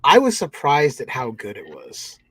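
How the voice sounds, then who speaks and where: A man joining a podcast as a guest, joking and quick to laugh in casual chat. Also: medium pitch, huge pitch swings, a bit bright, slightly rough.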